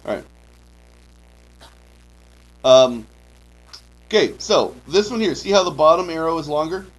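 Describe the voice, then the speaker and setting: A man's voice: a little high, animated, measured pace, soft background music, low-quality recording. Man lecturing a chemistry class. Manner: drills key terms, frequent "okay" checks; dry joking asides. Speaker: high school chemistry teacher.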